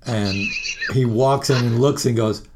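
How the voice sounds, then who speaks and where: A man, a musician, telling animated, profane road stories and laughing through them in a casual interview. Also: medium pitch, a little slow. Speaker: musician guest.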